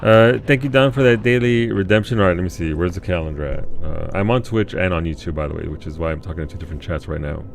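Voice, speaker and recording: A man's voice: sits low, fast, creaky, few pauses, a little hiss or hum. A man in his thirties, live-streaming a video game and casually chatting with his viewers, reading and answering chat messages aloud.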